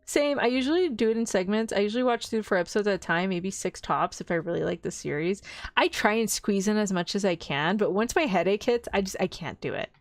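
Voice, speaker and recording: A woman's voice: mid-range voice, fast, dry recording. A young woman streams in a loose, rambling chat, giggling as she goes. Her voice sits in an ordinary middle range. The sound is close and dry. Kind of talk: casual chat.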